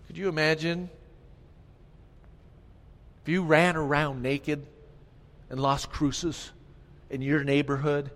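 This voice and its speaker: A man preaching a sermon as pastor, moving between quiet, hushed passages and loud, emphatic ones, repeating key phrases and calling on the congregation to answer. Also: mid-range voice. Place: church sanctuary. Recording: long hall reverb.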